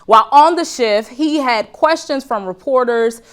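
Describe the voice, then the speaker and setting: Brief: woman talk show host, playful comedic monologue, slightly high pitch. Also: normal speed. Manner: joking, addresses audience as y'all. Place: studio with live audience.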